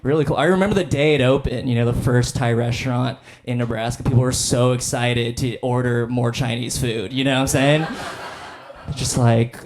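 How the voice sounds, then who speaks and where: A young man doing stand-up comedy on stage for a live audience. His delivery is laid-back and self-deprecating, full of fillers. His voice sits at an ordinary middle pitch for a man. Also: fairly even intonation, moderate pace, darkish tone, a little hiss or hum.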